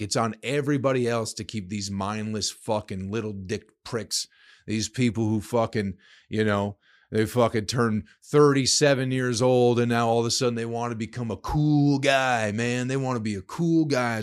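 A man hosting a solo podcast, ranting in a heated, profane way. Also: mid-range voice. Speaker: podcast host.

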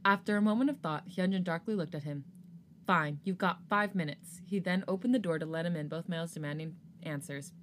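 A woman's voice: lowish voice, fast, few pauses, slight background noise. A woman podcast host narrating a fanfiction story in a casual reading voice. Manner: casual narration, laughs at slips.

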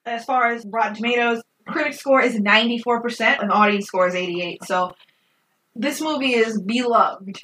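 A woman co-hosting a casual film review podcast, animated and swearing freely. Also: on the high side, normal speed, far from the mic, a little hiss or hum. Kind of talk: casual chat.

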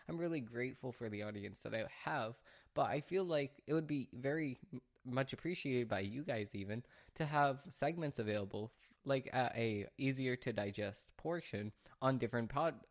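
This is a man hosting his own podcast from a home studio. He talks in a loose, rambling monologue, full of restarts and little detours before he finds his point again. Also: mid-range voice. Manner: rambling, chatty, restarts and sidetracks. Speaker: podcast host. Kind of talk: casual solo podcast monologue.

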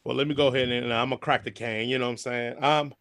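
A man's voice: mid-range voice, steady tone, quick pace, fairly bright tone. A man co-hosting a casual podcast, talking emphatically and joking. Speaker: podcast co-host.

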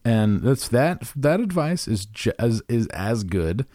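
A man's voice: medium pitch, sing-song, slow pace, mellow, no room sound, studio quality. A man co-hosting a casual podcast chat, rambling and self-deprecating, restarting his sentences often. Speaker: podcast co-host.

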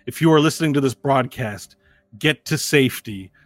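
A man's voice: medium pitch, moderate pace, no echo, voice pushed up, lightly acted. A man voicing a male news reporter who reads out an urgent, propaganda-like broadcast in a tabletop game. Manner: propaganda-like announcing.

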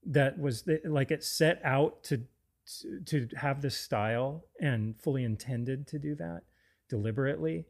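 A man's voice: medium pitch, normal speed, gravelly, darkish tone. A man co-hosting a casual film discussion, enthusiastic and often restarting his sentences. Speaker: podcast co-host.

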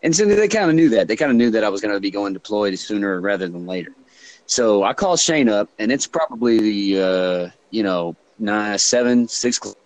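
A man in his thirties telling a story in a relaxed, unhurried way. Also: lowish voice, poor audio. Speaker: podcast guest, Navy veteran. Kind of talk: casual storytelling.

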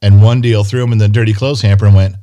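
A man telling stories in casual chat, grumbling and animated, swearing freely. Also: fairly low pitch, fast, lo-fi sound.

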